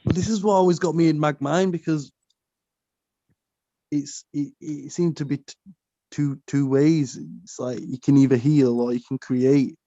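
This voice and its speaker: A man thinking aloud in conversation, pausing and restarting as he searches for words. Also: fairly high pitch, fairly even intonation, mellow, no echo. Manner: thoughtful, halting, searching for words. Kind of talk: conversational discussion. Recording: dull lo-fi sound.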